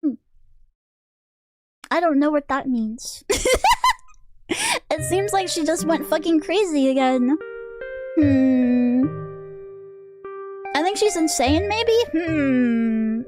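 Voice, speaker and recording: A woman's voice: high-pitched, expressive, slow pace, long pauses. A woman streamer giving casual, giggly gameplay commentary and swearing freely, with game music behind.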